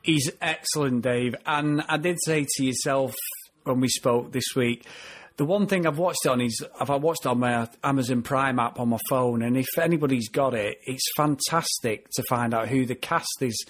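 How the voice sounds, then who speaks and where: Husky guy on a review podcast, chatty, laughs a lot, mid pitch. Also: moderate pace. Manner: chatty, laughs often, animated. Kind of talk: casual review chat.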